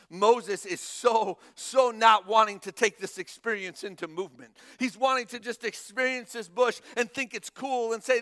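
A young male pastor preaching a sermon, animated, acting out the Bible dialogue in shifting voices. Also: very high-pitched, normal speed, few pauses.

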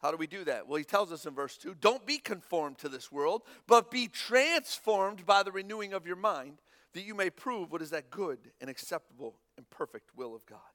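A young male pastor preaching a sermon, animated, acting out the Bible dialogue in shifting voices. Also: sits high, normal speed.

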